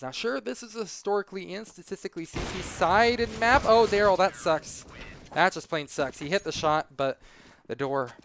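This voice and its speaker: A man's voice: medium pitch, a bit bright, slight background noise. A man doing live esports play-by-play commentary, conversational and analytical, with casual asides between calls.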